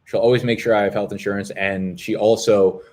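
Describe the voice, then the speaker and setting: A man's voice: on the low side, little pitch movement, fairly quick, darkish tone. A man in his twenties hosting a fantasy football live stream, chatting casually with viewers in a rambling, profane, jokey way. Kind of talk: casual live-stream chat reading comments. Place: apartment in Brooklyn.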